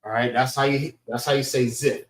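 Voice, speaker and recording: A man's voice: medium pitch, fairly even intonation, brisk, a little hiss or hum. Man lecturing in a roomy space. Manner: repeats "all right" as a check-in, loose and conversational. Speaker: class instructor. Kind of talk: casual spoken lecture.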